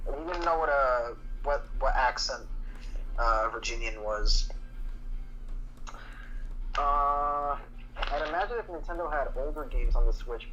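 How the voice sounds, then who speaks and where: A man's voice: mid-range voice, bright, forceful tone, rough recording. A man co-hosting a gaming stream, reading chat messages and giving his opinions casually with some hesitation.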